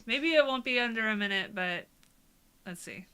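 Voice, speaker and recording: Bright-voiced woman chatting while editing. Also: a little high, expressive, moderate pace, clean tone. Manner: chatty self-talk, drops to quiet mutters. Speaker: content creator. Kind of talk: casual commentary while editing.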